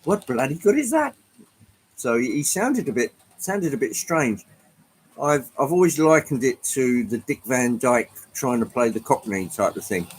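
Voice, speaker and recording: This is a man from Britain running a laid-back livestream, talking to chat viewers in a meandering, halting manner full of ums. The audio is poor, with slight hiss or hum, and his voice is mid-range.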